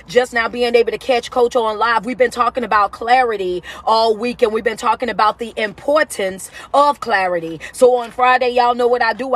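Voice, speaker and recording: A woman life coach hosting a live stream, greeting viewers by where they watch from in an energetic, casual way. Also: fairly high pitch. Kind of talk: live-stream motivational talk.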